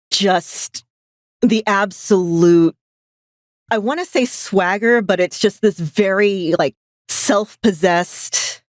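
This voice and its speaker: A woman co-hosting a podcast who talks about a film in an unhurried, admiring way. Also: lowish voice, dry recording, studio quality. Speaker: podcast co-host. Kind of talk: casual chat.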